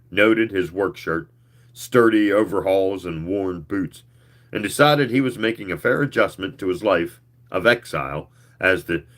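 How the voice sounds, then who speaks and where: A man reading a novel aloud, expressive and sometimes stumbling over words. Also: low voice. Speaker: reader.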